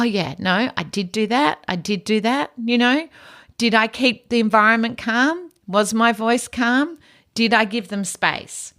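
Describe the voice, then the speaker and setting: A middle-aged woman hosting an educational podcast, speaking calmly in a low-key, near-monotone delivery. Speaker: podcast host and autism educator.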